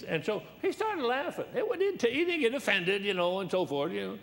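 A man's voice: high-pitched, huge pitch swings, brisk, vocal fry. An older man preaching as a guest, telling folksy, rambling stories and laughing at them. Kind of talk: sermon with storytelling.

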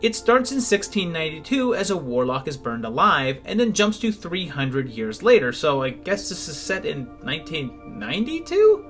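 Wry guy recapping bad movies, lively sarcastic delivery, music in the background. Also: a little high, moderate pace, hardly any pauses. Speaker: movie reviewer. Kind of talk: scripted comedic video narration.

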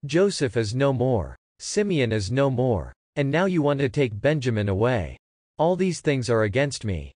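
A man's voice: mid-range voice, very animated, normal speed, darkish tone, no echo, clean studio sound. A man reading the lines of a grieving elderly father in a scripture lesson, in a lamenting voice. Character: grieving elderly father refusing to part with his son.

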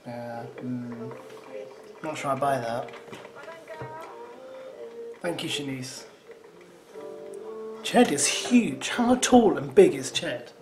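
A man's voice: mid-range voice, drawn-out words, long pauses. A man giving teasing, sarcastic running commentary as he reacts to a show. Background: show soundtrack music.

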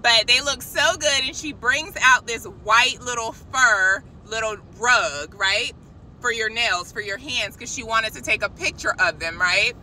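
A woman telling a casual, animated faith testimony, chatting directly to her viewers. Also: fairly high pitch, a little slow, slight background noise, low-quality recording. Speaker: christian vlogger.

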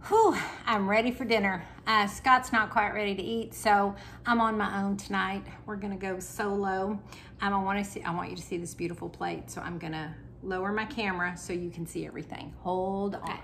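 A woman's voice: medium pitch, steady tone, moderate pace, gravelly, fairly bright tone, a little hiss or hum. Chatty woman, home cooking vlog. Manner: chatty, talks while eating. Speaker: health coach.

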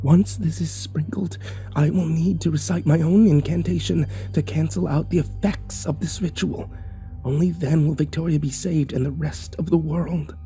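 A secretive spellcaster woman, as a man puts her on, talking in a hushed, slow, deliberate voice pitched above his own. She sounds urgent and quiet. Soft music plays under this horror reading. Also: steady tone, close to an everyday voice. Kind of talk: horror story narration.

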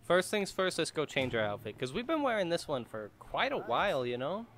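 A man commentating a video game as he plays, excitable, laughing and swearing, talking back to the characters on screen. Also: a little high, brisk, slight background noise. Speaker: gaming YouTuber. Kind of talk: let's play commentary.

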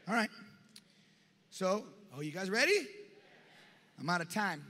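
A male pastor preaching a lively sermon to his church, often shouting and acting out scenes from the Bible. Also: high-pitched, unhurried, pauses often, a faint crowd, a little hiss or hum. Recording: reverberant church hall.

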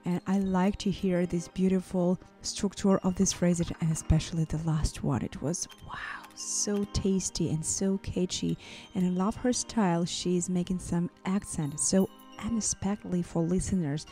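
A woman's voice: fairly low pitch, steady tone, a little slow, warm tone, soft background music. A woman who is a vocal coach and singer, giving gushing, effusive song reaction commentary.

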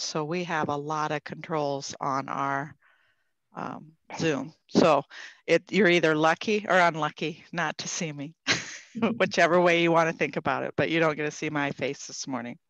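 A woman's voice: low-pitched, fairly bright tone, dry recording, muffled recording. A woman who works as a city clerk, chatting on a video call in a chatty, self-joking way. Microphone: computer mic on a video call.

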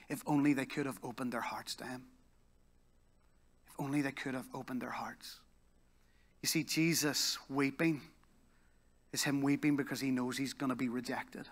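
A man with a Northern Irish accent preaching a sermon at a church service, telling a story with lively energy and then falling to a soft, slow hush. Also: mid-range voice. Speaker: pastor. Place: church service in a leisure complex hall.

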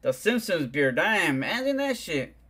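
A man's voice: on the high side, big pitch swings, moderate pace, sharp tone, slightly rough. A man, chatting casually on a livestream, rambling and swearing in heavy slang. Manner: profane, slangy, rambling, keeps saying "dog".

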